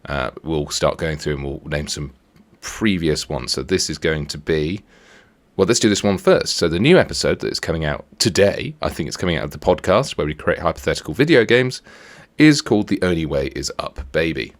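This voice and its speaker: A man's voice: very deep voice, expressive, fairly quick. A man hosting a let's play, giving chatty, playful commentary and joking with himself as he builds. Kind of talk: casual gameplay commentary.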